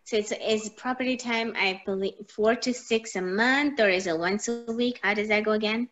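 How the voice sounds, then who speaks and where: A woman's voice: medium pitch, normal speed, highs cut off. A woman attending a real estate training class, politely asking questions.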